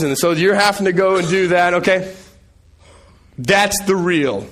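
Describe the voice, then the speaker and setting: A male preacher and father giving a sermon, telling lively stories about family life that he acts out, then dropping low and quiet to press his point home. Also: fast talker. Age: young adult to middle-aged, father of several sons. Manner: animated storytelling, acting out family scenes.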